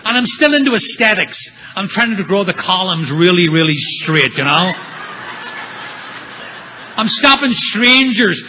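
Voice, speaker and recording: A man tells his recovery story at a meeting. His voice sits high and is very bright, and he slips into quick impressions of the people in his tale. A faint hiss of noise runs under the recording. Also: rough recording. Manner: animated storyteller acting out quotes. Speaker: AA speaker.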